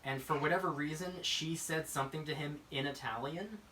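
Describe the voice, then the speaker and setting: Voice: medium pitch, brisk, pushed and bright, far from the mic, a little hiss or hum, rough recording. A podcast co-host chatting casually, gossiping and acting out the voices of people in the stories. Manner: gossipy, acts out quoted voices. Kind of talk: casual chat.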